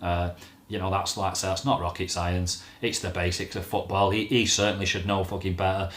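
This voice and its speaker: In a deep, flat-pitched voice and a brisk pace, a fan-channel host delivers a casual football rant to camera. His talk is blunt and full of swearing, recorded in an echoey room.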